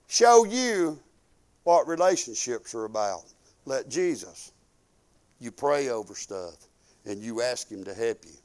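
A man's voice: mid-range voice, big pitch swings, measured pace, long pauses, a little mellow. An older man preaching a sermon, emphatic and repetitive, telling folksy stories with quoted dialogue.

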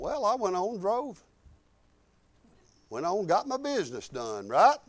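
A man's voice: high-pitched, wildly swooping pitch, measured pace, long pauses, no echo, studio quality. An older man preaching a sermon as pastor, rambling and fervent, with many restarts and cries of hallelujah.

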